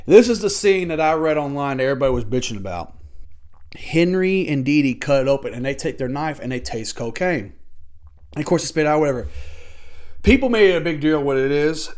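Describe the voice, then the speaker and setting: Rambling, self-correcting man recapping a film. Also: medium pitch. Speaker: podcast host reviewing a film. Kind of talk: casual spoken film recap.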